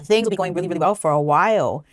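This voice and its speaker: Woman guest on a talk show, kinda low voice, tells her story candidly, acts out the back and forth, dry studio sound. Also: rapid-fire, no room sound. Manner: animated, acts out both sides of conversations. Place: television studio.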